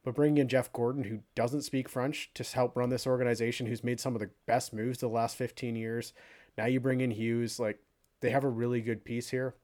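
A man co-hosting a sports podcast, talking in a rambling, animated way with lots of fillers. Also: mid-range voice, brisk. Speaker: podcast co-host. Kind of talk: casual sports chat.

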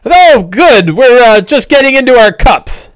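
A man voicing cheery, tipsy male dwarf miners who are excited, loud and chummy. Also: very high-pitched, unhurried, smooth, no echo, voice pushed up, exaggerated voice. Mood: jolly.

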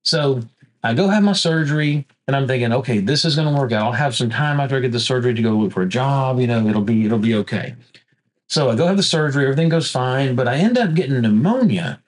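A man's voice: medium pitch, fast. Attorney guest, man, vivid storyteller who acts out quotes. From Southeast Texas. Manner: lively storyteller, acting out quoted dialogue. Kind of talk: storytelling conversation.

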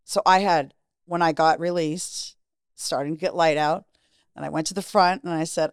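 A woman's voice: low-pitched, fairly even intonation, normal speed, clear, resonant tone, dry recording, clean studio sound. A middle-aged woman, a podcast guest, candidly telling a personal story in a frank, profane way and acting out the lines of the people in it.

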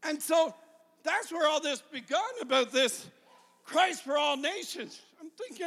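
Middle-aged male evangelist, very high bright voice, shouts then confides, echoing hall. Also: a little slow, creaky. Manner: swings between shouted fervor and quiet confiding. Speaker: evangelist preacher. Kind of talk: sermon. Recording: long hall reverb.

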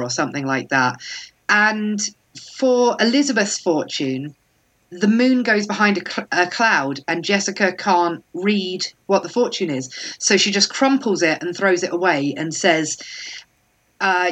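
A woman chatting casually on a book podcast, animated and quick, often acting out quotes. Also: lowish voice. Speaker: podcast co-host. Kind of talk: casual book-club chat.

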